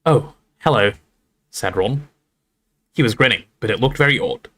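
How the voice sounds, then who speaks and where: A man reading a novel aloud on a livestream in an expressive, storytelling way, with casual asides to his audience. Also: mid-range voice, moderate pace, breathy edge.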